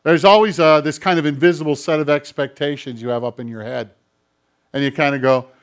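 A man preaching a sermon as a pastor, with an expressive delivery that swings from loud emphasis down to quiet, low prayer. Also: a little fast. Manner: acts out quoted voices in the middle of teaching.

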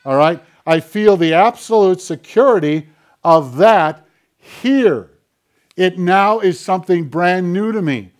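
A man's voice: high voice, animated, takes it slowly. A man, a pastor, preaching a conversational sermon and acting out quoted dialogue as he goes. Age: older.

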